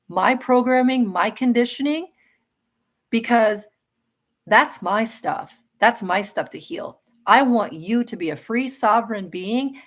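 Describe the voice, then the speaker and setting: Middle-aged woman host of a live spiritual Q&A; earnest, emphatic delivery, mid-range voice. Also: mid-range voice. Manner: earnest and emphatic, with laughs and self-corrections.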